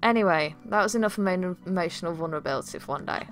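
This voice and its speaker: A woman's voice: on the low side, very fast, soft background music. A woman streaming a game, chatting casually and laughing at herself between lines of dialogue. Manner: chatty, laughing, self-mocking. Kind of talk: casual gameplay commentary.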